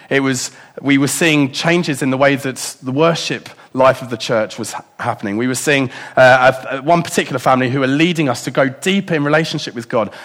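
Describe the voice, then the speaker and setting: Speaking in a mid-range voice, a preacher reflects aloud in his sermon, asking the congregation rhetorical question after rhetorical question and softening his voice to stress points.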